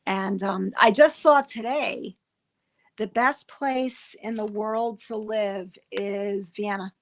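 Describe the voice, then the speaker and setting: Middle-aged woman, livestream host, casual rambling chat, slow pace, gravelly voice. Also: medium pitch, fairly even intonation. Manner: chatty, rambling, frequent restarts.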